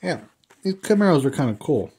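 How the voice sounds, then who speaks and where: A man in his fifties at home, talking through an unboxing of die-cast cars in a relaxed, rambling way, with plenty of ums and uhs. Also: on the high side, a little fast, husky. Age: 50s. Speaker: die-cast car collector and customizer. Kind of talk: casual unboxing vlog. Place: indoors at home.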